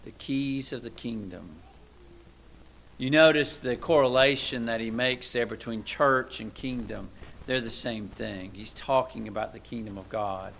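Bright-voiced man preaching a conversational sermon. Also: fairly even intonation, normal speed, vocal fry, slight background noise. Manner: conversational, asks the listeners rhetorical questions; swings between loud emphatic lines and quiet low asides.

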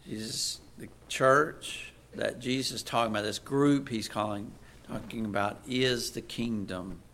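A man preaching a sermon, moving from quiet asides to loud, emphatic readings of scripture. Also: fairly low pitch, a little slow, a little hiss or hum.

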